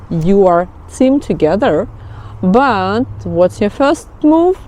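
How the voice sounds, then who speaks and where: A woman's voice: medium pitch, big pitch swings, slow pace, dark tone. A woman whose first language is Russian, teaching a casual video lesson in a playful, joking way and laughing often, recorded outdoors in a city.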